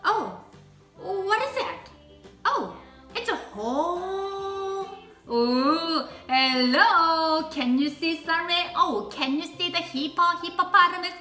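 A woman runs a preschool circle time with a very high, swooping voice, full of cheerful exclamations. She talks slowly and sing-song, with a bright tone. She sounds like she is in a roomy, echoing space with soft music underneath. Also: animated. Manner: exclaiming and sing-song, with playful puppet play. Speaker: preschool art and music teacher. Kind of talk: cheerful circle-time teaching for young children.

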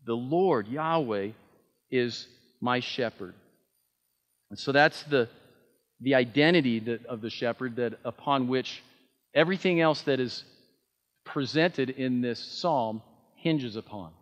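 A man's voice: mid-range voice, slow pace, pauses often, big-room sound, muffled recording. A man preaching a sermon, earnest and emphatic, with frequent fillers and restarts. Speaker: pastor.

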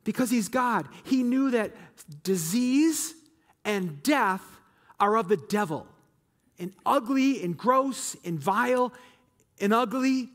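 A man's voice: extremely high pitch, animated, takes it slowly, a bit bright. A man pastor preaching a sermon in a church auditorium, reading scripture aloud with rising, emphatic peaks. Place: church auditorium with balcony and online audience.

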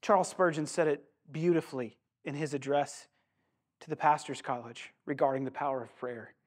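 A man's voice: on the high side, fairly even intonation, normal speed. A male pastor preaching a sermon in a church sanctuary, earnest and conversational, often turning to the congregation with asides.

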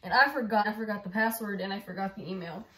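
A woman's voice: mid-range voice, quick pace, fairly bright tone. Chatty young woman vlogging, roomy sound. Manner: chatty, rambling, lots of fillers. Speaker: YouTuber. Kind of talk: casual vlog chat. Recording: roomy with background music.

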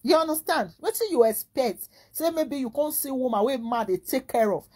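A woman with a Nigerian Pidgin English accent, talking in a rambling, animated casual monologue full of rhetorical questions. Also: sits high, moderate pace, husky.

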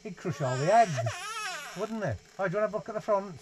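Playful dad, higher voice. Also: male voice, fast, poor audio. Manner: playful sing-song baby talk. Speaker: father reading to his baby. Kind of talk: reading a picture book aloud to a baby. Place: small holiday caravan, indoors. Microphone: 360 VR camera nearby.

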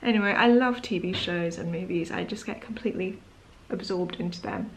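A woman's voice: fairly low pitch, fairly quick, a little hiss or hum. A woman talking casually to her camera at home in the evening, sleepy and yawning, rambling with lots of fillers and apologies. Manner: rambling, chatty, apologetic, many "um"s and "like"s. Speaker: vlogger.

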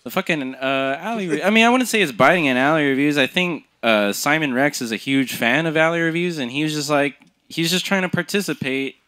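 Laid-back teasing podcast co-host. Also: male voice, a little high, a little fast, bright, forceful tone. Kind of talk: casual podcast banter.

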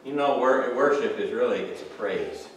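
A man's voice: medium pitch, moderate pace, a little hiss or hum. Man preaching in an echoey church. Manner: preaching in waves from hushed to shouting; asks the congregation questions. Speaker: pastor. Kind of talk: sermon. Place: church sanctuary. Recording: echoey church hall from far off.

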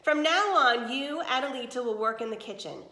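An icy, haughty stepmother sneers down at everyone around her, as a woman reading a picture book aloud puts her on. The voice sits fairly high. The reading is recorded in an echoey room. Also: expressive, moderate pace, bright, forceful tone, heavily acted. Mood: scornful. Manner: icy and scornful. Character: cold haughty stepmother, middle-aged woman.

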